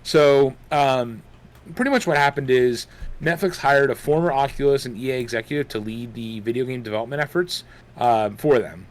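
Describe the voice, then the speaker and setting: A man's voice: medium pitch, moderate pace. Rambling man co-hosting a podcast. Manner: rambling, lots of fillers and restarts; chewing gum while talking. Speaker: podcast co-host. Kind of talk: casual gaming podcast chat.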